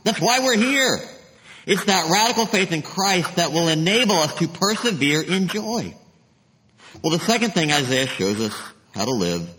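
Preaching man in a reverberant sanctuary. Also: a little high. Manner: emphatic preaching, dropping to a hush for stress. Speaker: pastor. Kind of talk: sermon. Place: church sanctuary.

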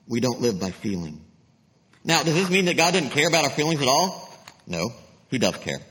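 A man's voice: a little high, a little hiss or hum. Preaching man in a reverberant sanctuary. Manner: emphatic preaching, dropping to a hush for stress. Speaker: pastor. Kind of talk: sermon. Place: church sanctuary.

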